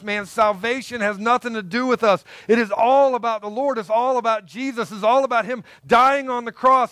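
Earnest high-voiced male preacher. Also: a bit bright, no room sound. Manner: earnest, conversational preaching with emphatic repetition. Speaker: pastor. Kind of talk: sermon.

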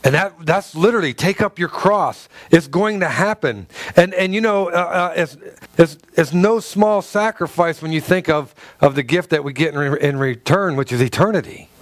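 A man preaching a sermon through a personal story, halting and stumbling over repeated words, and acting out the dialogue. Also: on the high side, no echo. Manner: acts out quoted dialogue in his stories.

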